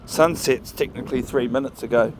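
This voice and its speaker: A man's voice: medium pitch, brisk, a little hiss or hum. A man, chatting casually to camera while walking his dog outdoors by the sea. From New Zealand. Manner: relaxed, chatty, talks to his dog with soft commands. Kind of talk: casual outdoor vlog chat. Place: outdoors by a marina on a windy evening walk.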